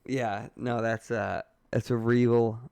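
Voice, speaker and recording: A man co-hosting a casual podcast who laughs easily and chimes in with quick reactions. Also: mid-range voice, flat delivery, vocal fry, a little mellow, smooth, no room sound, studio quality. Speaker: podcast co-host. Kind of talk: casual chat.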